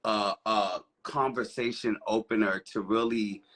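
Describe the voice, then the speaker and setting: A man's voice: fairly low pitch, steady tone, measured pace, fairly bright tone. Reflective male podcast host. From Baltimore. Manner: reflective, conversational, laughs easily. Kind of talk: casual interview chat.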